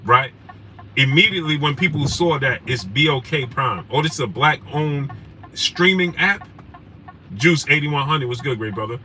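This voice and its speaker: A man's voice: mid-range voice, expressive, moderate pace, bright, forceful tone. A man hosting a casual sports live stream, talking with passion, greeting viewers by name and often asking "right?". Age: adult with wife and kids. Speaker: sports show host. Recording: distant mic with clear background noise.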